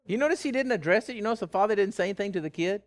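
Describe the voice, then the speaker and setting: Racing through his sermon, a preacher speaks in a slightly high voice whose pitch jumps high and dips low. He's animated, stumbling over repeated words and laughing softly as he goes.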